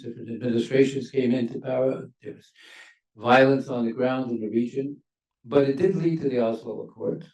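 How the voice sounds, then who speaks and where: An older former diplomat speaks on a university panel with a gravelly, mellow voice. He is measured and emphatic, leaning hard on key words. He sounds a little off-mic in an echoey hall. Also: mid-range voice, far from the mic. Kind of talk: panel discussion remarks.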